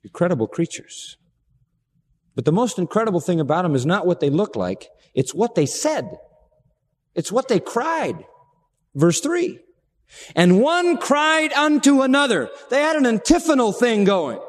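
Male preacher, fairly high voice, very lively delivery, dramatic swings from loud to hushed, large reverberant church hall. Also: unhurried. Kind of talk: sermon.

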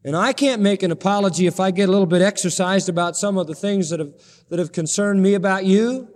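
A man's voice: high-pitched, quick pace, a little mellow, in a large hall. A man preaching a sermon as pastor, pleading and impassioned, his voice rising and dropping suddenly.

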